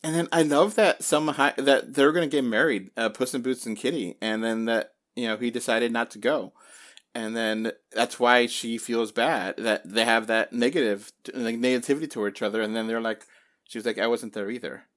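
A man hosting a casual spoiler chat about a film, rambling with lots of fillers and lively quoted reactions. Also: mid-range voice, normal speed. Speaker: podcast host.

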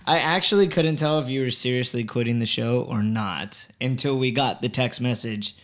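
A man hosting a podcast in casual comedic chat, crude and joking and quick to laugh. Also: mid-range voice, fairly bright tone. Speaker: podcast host.

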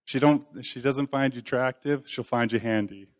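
A man speaking to a congregation in a relaxed, chatty way, as if talking with friends. His pitch sits in an ordinary middle range. He mixes gentle humor about himself into his preaching, and it comes across as unpolished and sincere. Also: normal speed. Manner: conversational, folksy, self-deprecating humor. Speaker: lay preacher. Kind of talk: informal sermon.

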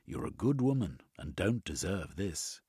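A man voicing a posh, gallant gentleman adventurer with a plummy, indignant manner. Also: deep voice, very animated, measured pace, husky, no room sound, clean studio sound, full character voice.

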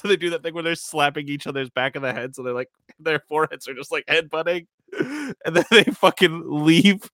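A man's voice: a little high, moderate pace, pushed and bright, no room sound, studio quality. A man narrating a tabletop game as game master in a casual, giggly way, swearing often.

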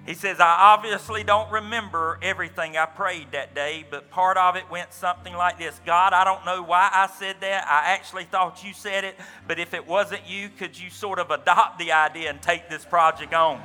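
A man's voice: high-pitched, steady tone, moderate pace, few pauses, bright, forceful tone, long reverb tail, faint music behind. A man preaching a sermon as pastor, telling a story with quoted dialogue and folksy asides. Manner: storytelling, retelling another man's account with quoted dialogue.

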